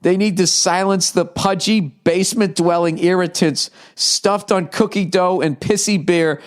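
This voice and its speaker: A man's voice: high-pitched, steady tone, measured pace. A man hosting a casual comedic monologue, rambling and swearing, laughing as he reads an article aloud. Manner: profane, rambling, laughing while reading aloud. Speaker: podcast host.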